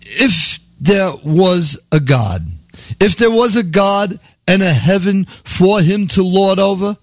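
A man's voice: high-pitched, animated, slow pace, no echo, studio quality. A man delivering a satirical comedy monologue, sarcastic and laughing at his own jokes.

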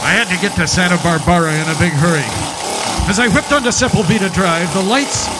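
A man's voice: high-pitched, brisk, heavy background noise, lightly acted. A man playing a bumbling, wisecracking private eye in a parody radio detective drama, narrating in hard-boiled style with clumsy one-liners.

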